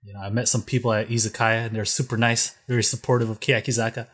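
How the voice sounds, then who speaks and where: A man's voice: on the low side, little pitch movement, fast talker, a bit bright, husky. A man doing a bragging, chummy TV host. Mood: boastful.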